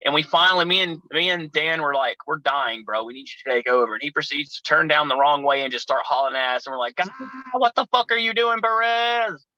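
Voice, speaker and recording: A man's voice: mid-range voice, fast, hardly any pauses, sharp tone, no echo, low-quality recording. Rowdy, profane man telling road stories. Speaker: pro wrestler guest. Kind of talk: casual storytelling chat.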